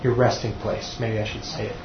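A man with a lowish, level voice speaks fairly quickly, with slight background noise, in a dull, echoey room recording. Teaching a sermon to a church class, he's earnest and often repeats words as he restarts.

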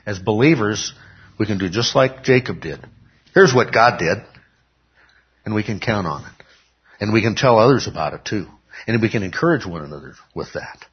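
A man's voice: lowish voice, lively intonation, fairly quick, husky. A man teaching a Bible lesson in sermon style, emphatic, asking questions and answering them himself. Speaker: pastor teaching a Bible class. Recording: dull lo-fi recording.

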